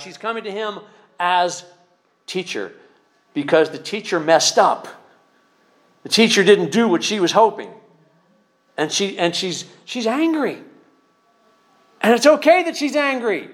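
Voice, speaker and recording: A man's voice: high voice, fairly bright tone. A man preaching as a pastor, speaking conversationally with repeated words and emphatic rises. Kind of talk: sermon.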